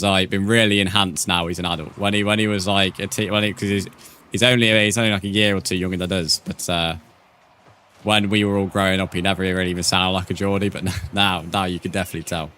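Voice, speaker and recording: A young man does live commentary on a game, reading chat and bantering casually with viewers while swearing freely. He's a fast talker with a deep, bright, forceful voice but a flat delivery, and a little hiss or hum sits under the audio.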